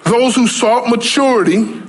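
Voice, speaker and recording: Pastor guy preaching, high voice, lots of "what happens?" questions, gets fired up. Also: unhurried, breathy edge. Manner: preaching with rising intensity and rhetorical questions. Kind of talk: sermon.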